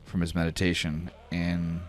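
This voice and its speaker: A man's voice: low-pitched, monotone, moderate pace, slight background noise. A man narrating as game master of a tabletop game, casual with many fillers.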